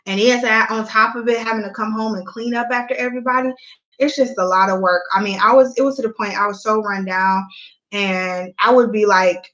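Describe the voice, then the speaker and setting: A woman's voice: mid-range voice, fairly even intonation, fairly quick, fairly bright tone, highs cut off. A young woman chatting candidly to her viewers at home, a mom vlogging in casual Southern-style speech. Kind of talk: casual chat.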